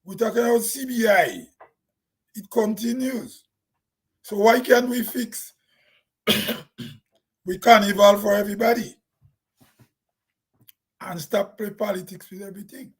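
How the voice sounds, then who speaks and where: A man's voice: high voice, slow, pauses often, husky, low-quality recording. A Grenadian man talking plainly in a casual, rambling vlog monologue, laughing to himself now and then. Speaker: vlogger.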